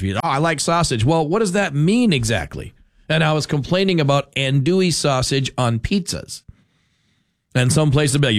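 A male talk radio host rambles through a casual monologue, cutting himself off mid-sentence. His pitch moves in lively swings. The studio sound is dry and close. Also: no room sound. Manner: rambling, animated, self-interrupting. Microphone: studio mic.

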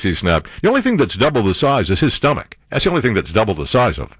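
A man's voice: fairly low pitch, wildly swooping pitch, fast talker, hardly any pauses, husky, dry recording, studio quality. A man hosting a talk radio show, ranting sarcastically and mocking others with impressions.

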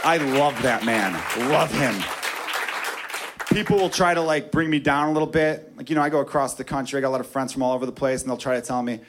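Crude, excitable stand-up man. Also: on the high side, a little fast. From Chicago. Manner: crude, excitable, shouts in mock frenzy. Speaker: stand-up comedian. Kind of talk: stand-up set. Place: comedy club stage with audience. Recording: live club recording with crowd noise. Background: audience laughter.

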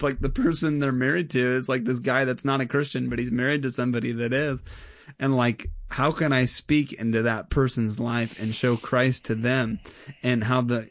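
Earnest pastor talking fast with fillers. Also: male voice, mid-range voice, no room sound, studio quality. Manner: earnest, animated, many fillers like "like" and "I mean". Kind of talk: casual conversation.

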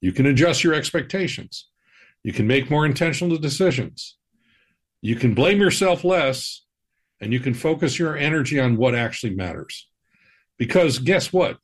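A man hosting a money podcast, explaining personal finance in a measured, reassuring way. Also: mid-range voice, slightly rough. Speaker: financial advisor, podcast host. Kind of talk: scripted personal-finance talk.

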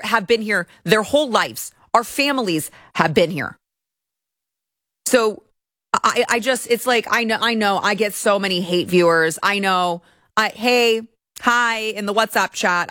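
A woman's voice: medium pitch, fairly bright tone, no echo, studio quality. A woman from Texas hosting a show, ranting indignantly in opinionated commentary with stammered restarts. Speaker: show host.

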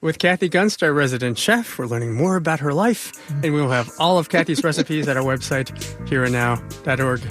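A man co-hosting a public radio show from a studio, interviewing a guest with relaxed, friendly banter. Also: fairly high pitch, fairly quick, soft background music.

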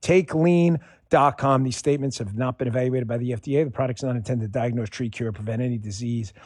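A man's voice: medium pitch, quick pace, a little mellow, breathy edge. A man giving a radio ad endorsement in a conversational, emphatic manner, repeating key points. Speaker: product endorser. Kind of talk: radio ad read.

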